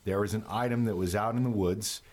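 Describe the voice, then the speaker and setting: Low-voiced man explaining plainly. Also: fairly quick, darkish tone. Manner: matter-of-fact, explanatory, with restarts. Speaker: course instructor. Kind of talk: casual chat.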